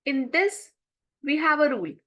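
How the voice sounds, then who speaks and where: A woman's voice: high voice, very animated, moderate pace, a bit bright, lo-fi sound. A woman with an Indian English accent teaching a French lesson online, reading each French sentence and then explaining it step by step. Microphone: screen-share recording.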